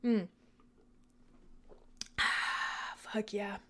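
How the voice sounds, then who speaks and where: A woman's voice: mid-range voice, fairly even intonation, drawn-out words, bright, forceful tone. A woman hosting a casual live show, chatting with listeners in an irreverent, joking way, swearing freely and laughing often. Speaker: radio show host.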